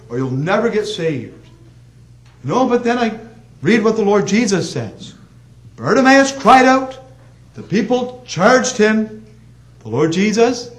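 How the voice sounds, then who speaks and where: A man preaching a sermon, swinging between emphatic calls and hushed, soft passages. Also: very high-pitched, poor audio.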